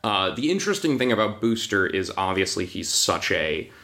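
Animated storytelling man, low voice. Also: moderate pace, vocal fry. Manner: animated storyteller, acts out quotes, laughs often. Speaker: TV animation writer, guest. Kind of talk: casual podcast interview.

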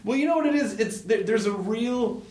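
A man's voice: very high voice, expressive, moderate pace, darkish tone. Rambling man interviewer in an echoey room. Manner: rambling, lots of fillers and restarts. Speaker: podcast host. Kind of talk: casual interview chat. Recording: roomy echo.

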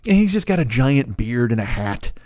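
A man's voice: mid-range voice, sing-song, normal speed, a little mellow, dry recording, studio quality. A man hosting a podcast, ranting in a profane, exasperated and rambling comedic way. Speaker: podcast host.

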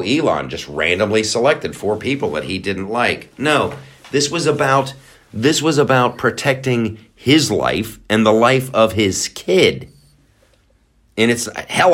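A man hosting his own show, ranting and telling a story with jokes, swearing freely and laughing as he talks. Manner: animated, swings to high excited pitch when storytelling. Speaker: show host. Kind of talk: comedic rant.

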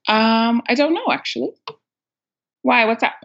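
A woman's voice: a little high, animated, unhurried, fairly bright tone. Young woman caller, casual, self-mocking, laughs a lot; dull lo-fi recording. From United States. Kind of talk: casual storytelling. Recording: dull lo-fi sound.

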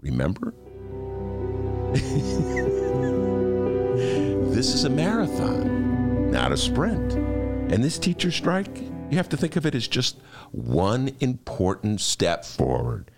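A man quoting his calm, yoga-practicing wife in a low, soft, soothing voice. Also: takes it slowly, gravelly, pauses often, loud music behind the voice, exaggerated voice.

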